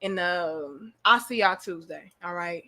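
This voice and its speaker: A woman's voice: fairly low pitch, unhurried, bright, forceful tone. A young woman hosting a casual live-stream chat, playful and teasing, laughing often. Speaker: host.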